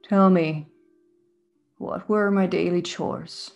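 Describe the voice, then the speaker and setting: A woman voicing the ghost of a drowned young man, asking slow, halting questions in a low voice. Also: steady tone, creaky, darkish tone, faint music behind. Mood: haunting. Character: drowned young male ghost, dripping, confused.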